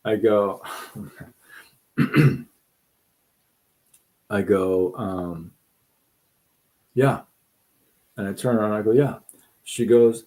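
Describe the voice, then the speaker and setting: A man's voice: on the low side, fairly even intonation, very slow, pauses often, mellow. A middle-aged man hosting a live stream, telling a personal story in a rambling, repetitive way and acting out what others said. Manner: rambling, repeats himself, quotes people in voices. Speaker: livestream host. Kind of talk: casual storytelling chat.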